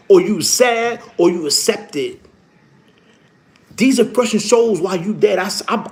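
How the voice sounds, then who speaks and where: A middle-aged man chatting casually on a livestream, animated and slangy, swearing often. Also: sits high. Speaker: livestream host.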